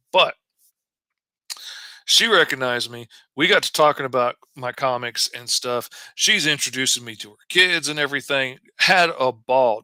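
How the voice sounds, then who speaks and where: A man's voice: medium pitch, sharp tone, no room sound. A middle-aged man, telling a folksy story as he draws. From Arkansas. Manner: folksy and chatty, drawls out stories. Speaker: comic artist streaming while drawing. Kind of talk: casual storytelling while drawing.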